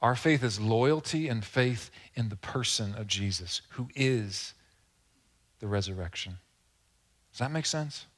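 A man's voice: mid-range voice, expressive, measured pace, fairly bright tone. Earnest, conversational male preacher. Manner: conversational, earnest, with rhetorical asides to the congregation. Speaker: pastor. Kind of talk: sermon.

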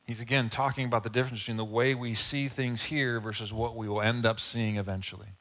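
A man preaching a sermon in a conversational, casual way, with asides and quick acted-out quotes. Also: mid-range voice, fairly even intonation, fairly bright tone. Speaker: pastor.

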